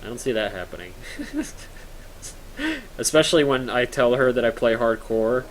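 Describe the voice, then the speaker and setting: A man's voice: medium pitch, sing-song, measured pace, slight background noise, poor audio. A young man live-streaming a game from home, rambling and joking in casual chat and reading viewer comments aloud.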